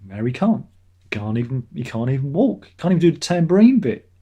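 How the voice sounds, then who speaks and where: A man's voice: a little high, big pitch swings, quick pace, warm tone, breathy edge, muffled recording. A middle-aged man hosting a casual live stream, reading out chat messages and rambling sarcastically, often laughing at his own jokes.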